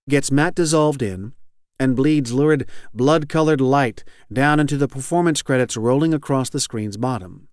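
A man reading literary fiction aloud as an audiobook narrator, measured and even. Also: medium pitch, no room sound, studio quality. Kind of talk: scripted narration.

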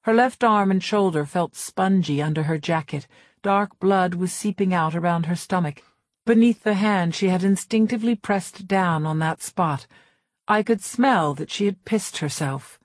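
A woman narrating a novel in the first person, in a measured, reserved way. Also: on the low side, no room sound, studio quality. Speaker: audiobook narrator. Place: recording studio. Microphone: close studio mic.

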